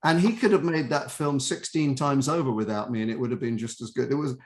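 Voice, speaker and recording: An older man telling show-business stories in a chatty, animated way as an interview guest. His voice sits at an ordinary middle pitch, and he often slips into brief quoted voices while he talks. It is easygoing conversational storytelling. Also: fast, slight background noise. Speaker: actor guest. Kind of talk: interview anecdotes.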